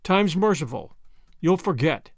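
A man reading an audiobook, voicing a grave, kindly older official who speaks in a measured way. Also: a little high, big pitch swings, no echo, studio quality, exaggerated voice. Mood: sympathetic.

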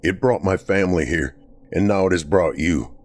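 A man's voice: low voice, normal speed. Man voicing a grim man resigned to fate. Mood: pleading.

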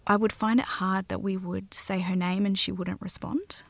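An Australian mother telling her own story in a soft, halting way that often drops to a near whisper. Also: mid-range voice, fairly even intonation, gravelly, no echo. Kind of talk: personal storytelling interview.

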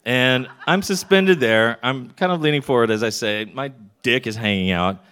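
A man's voice: medium pitch, moderate pace, fairly bright tone, clear, resonant tone. A middle-aged man from Texas telling a candid comic story to a live audience, landing his punchlines wryly. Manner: wry, candid, punchline-driven joke delivery.

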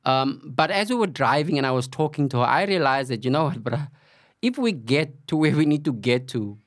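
A man's voice: mid-range voice, lively intonation, a little fast, no echo. Dry-sounding man telling his story. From South Africa, Cape Flats. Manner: recounts events with acted-out quoted dialogue and frequent "you know". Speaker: podcast guest. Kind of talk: candid storytelling interview.

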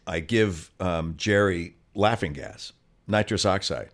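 Man telling an animated story. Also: low voice, takes it slowly. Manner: animated storyteller, acts out quoted voices. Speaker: actor guest. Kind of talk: conversational anecdote.

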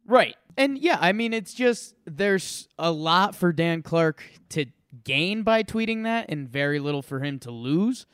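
A man co-hosting a casual sports podcast, chatty and full of quick asides. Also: on the high side, animated, a bit bright, smooth, no room sound, clean studio sound. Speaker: podcast co-host.

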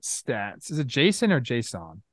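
A man co-hosting a baseball talk show, chatting in a relaxed, rambling way with plenty of filler words. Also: mid-range voice, measured pace, no echo, clean studio sound. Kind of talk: casual sports talk.

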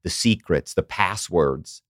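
Man, middle-aged, low pitch, dry sound, lively podcast storyteller. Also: slow pace, no room sound. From Philadelphia area, US. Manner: animated storyteller, slips into quoted voices. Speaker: podcast guest, former corporate spy. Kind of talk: casual interview storytelling.

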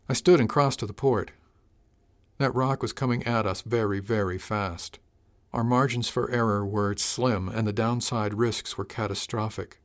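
A man narrating a story in the first person with a measured, reflective delivery. His voice sits fairly low. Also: fairly even intonation. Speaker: audiobook narrator.

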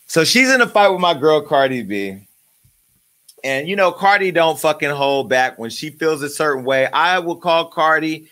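With a medium-pitched voice that sounds pushed and bright, a male show host rants on his own program in a profane, jokey, angry, uncensored comedic style.

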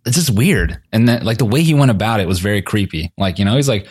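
Low-voiced man, lively storytelling. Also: fast, hardly any pauses, breathy edge. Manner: animated storytelling, acts out quotes, swears often, laughs a lot. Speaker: comedian co-host. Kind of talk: casual podcast chat.

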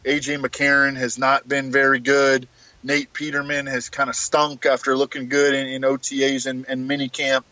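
A man talks through his fantasy football analysis in a measured, casual way, leaning on ums and uhs. His tone is bright and a little tense. The recording is dry and slightly dull, lacking top end. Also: mid-range voice, completely flat delivery, dry recording. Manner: measured, with frequent fillers.

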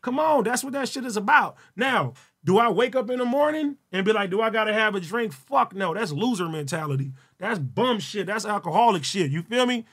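A man hosting a solo livestream, talking loud and profane with frequent laughter. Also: high-pitched, expressive, brisk, hardly any pauses, breathy edge. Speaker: livestream host. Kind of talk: casual solo livestream chat.

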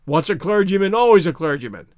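A man reads out a foul-mouthed old rogue of a clergyman who blusters and threatens in a fairly high, raised voice. The recording is dry and close, with no room sound. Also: very animated, fast, a little mellow, dry recording. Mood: blustering. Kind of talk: audiobook character reading.

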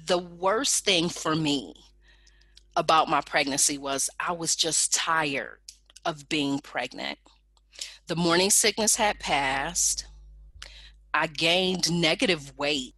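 A woman telling a personal story in a lively storytelling manner, acting out the people in it with raised voices. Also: low-pitched, slow, dry recording. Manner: animated, acts out quoted people in raised voices.

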